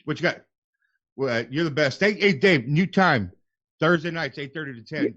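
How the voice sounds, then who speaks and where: A man's voice: a little high, normal speed, fairly bright tone, dry recording, dull audio. A man hosting a casual call-in radio show, talking in a laid-back way with plenty of fillers and swearing.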